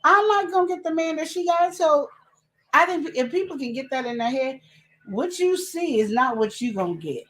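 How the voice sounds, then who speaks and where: A woman co-hosting a live relationship advice show, chatting casually and fast, full of energy. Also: high-pitched. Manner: chatty, animated, talks fast and laughs.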